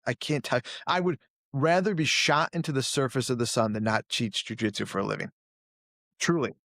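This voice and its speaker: In a casual interview recorded in clean studio quality with no room sound, a jiu-jitsu coach and gym owner speaks in a medium-pitched, gravelly voice, a little fast. Blunt and self-critical, he animatedly acts out other people in a raised voice.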